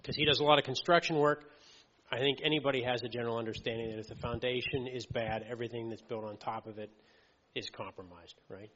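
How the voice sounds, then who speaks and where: A man delivers a sermon in a plain, conversational manner, pausing on fillers and checking that the congregation is with him. His voice sits at an ordinary mid pitch. The recording is dull and muffled, with a long reverb trailing off the walls of a church hall. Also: steady tone, fairly bright tone, a little hiss or hum. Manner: conversational, frequent fillers and checks like "okay" and "right". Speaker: lay preacher.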